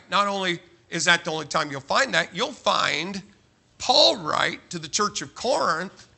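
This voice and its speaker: A man's voice: sits high, vocal fry, pushed and bright. A man preaching a sermon to a large church, emphatic and joking, firing off rhetorical questions. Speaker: pastor.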